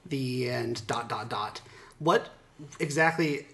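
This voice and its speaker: A woman co-hosting a casual group chat, animated and laughing often as she picks apart an episode. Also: a bass voice, slow pace. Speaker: podcast co-host.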